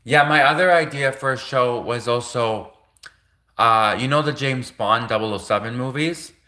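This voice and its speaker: A man's voice: mid-range voice, normal speed, sharp tone. A young man rambling through a casual livestream monologue, packing his talk with fillers and laughing often. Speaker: livestream host.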